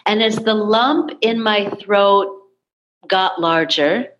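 A woman's voice: mid-range voice, slow, a bit bright, highs cut off, a little hiss or hum. A woman hosting a spiritual podcast conversation, speaking in an earnest, emotional way. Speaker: podcast host.

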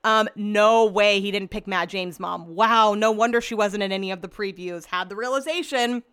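In her casual solo podcast, a young woman gushes bubbily at a normal pace, her talk packed with "like" and "um." Her medium-pitched voice sounds smooth and a bit bright.

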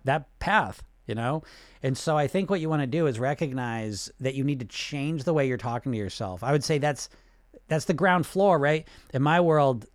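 Man, weight loss coach, teaching talk, conversational, tag questions, mid-pitched, dry close sound. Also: no echo. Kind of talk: instructional talk.

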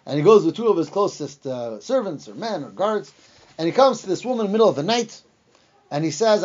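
A man with a high voice teaches a lesson on the Bible, telling the story with energy and acting out the quoted lines. He pauses now and then with fillers and restarts, and the recording sounds dull and lo-fi. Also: expressive, a little mellow. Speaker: Torah teacher.

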